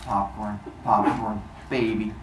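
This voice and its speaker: Dim old god king, low smug mumble, a man doing him in an echoey room. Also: flat delivery, slow, recorded from a distance, a little hiss or hum. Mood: dopey.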